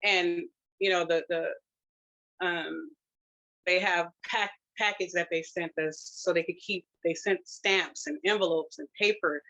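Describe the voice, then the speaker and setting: A grandmother sharing a personal testimonial, emotional and close to tears, talking in a halting way with many fillers and restarts. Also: lowish voice, steady tone, pushed and bright, highs cut off. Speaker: grandmother sharing her family's experience.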